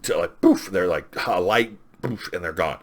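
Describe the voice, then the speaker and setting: A man's voice: deep voice, normal speed. A man casually retelling a comic book story as a reviewer, with lots of fillers and quoted lines. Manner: rambling, filler-heavy recap with quoted lines.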